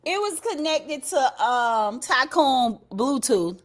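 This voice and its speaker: High-voiced chatty woman livestreaming from home. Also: sing-song, takes it slowly. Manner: chatty, talks straight to viewers, laughs and swears freely. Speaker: livestream commentary host. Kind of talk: casual live commentary to chat. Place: at home, upstairs. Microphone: computer mic on a livestream.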